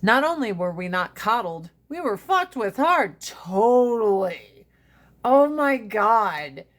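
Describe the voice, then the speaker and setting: A woman's voice: a little high, sing-song, slow pace. A woman in her forties chatting on a live stream, swearing freely, laughing often and mimicking her family in funny voices. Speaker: livestream host. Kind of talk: casual chat on a live stream. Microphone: phone.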